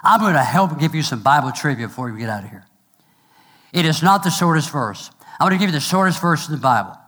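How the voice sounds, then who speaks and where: A middle-aged male pastor preaching a sermon, asking "amen?" and slowing down to stress each point. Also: on the high side, lively intonation, fairly bright tone. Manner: preaching with call-and-response and numbered points; slows to stress phrases, quick asides.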